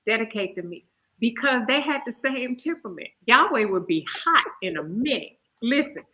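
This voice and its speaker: A woman hosting a casual Bible discussion, talking in an animated and emphatic way. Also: on the high side, normal speed, rough recording. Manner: animated, emphatic, hollers with laughter. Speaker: host.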